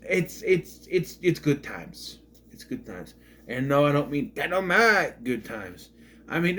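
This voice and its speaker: A man's voice: mid-range voice, fairly bright tone. Rambling sarcastic male movie reviewer. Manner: rambling, sarcastic, repeats himself. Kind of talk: casual review monologue.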